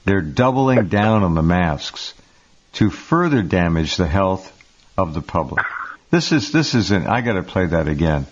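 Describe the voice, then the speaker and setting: A man's voice: deep voice, sing-song, a little slow, a little hiss or hum. A man hosting a radio talk show, commenting in an incredulous, exclamatory way. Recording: muffled lo-fi radio audio.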